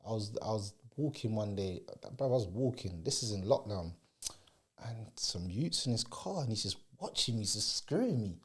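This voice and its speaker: A man's voice: fairly low pitch, normal speed, husky. A man in a casual podcast conversation, telling a story and acting out the people in it. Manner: animated storytelling, acting out the people in his stories. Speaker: podcast co-speaker.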